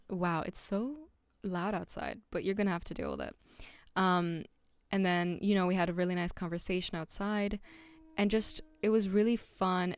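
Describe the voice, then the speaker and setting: In a casual solo podcast monologue, a young adult host speaks candidly and reflectively, filling her talk with "like" and "um" and often restarting. She has a smooth, lowish voice, and the recording has no echo.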